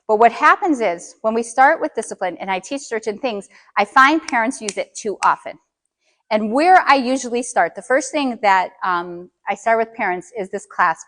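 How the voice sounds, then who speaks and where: A woman's voice: a little high, a bit bright. A middle-aged woman coaching parents in a live workshop, checking in with the audience with frequent questions.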